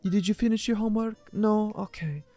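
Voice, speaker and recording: A man putting on the voice of a chirpy wife and mother, in a sing-song falsetto. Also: brisk, warm tone. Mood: sweet.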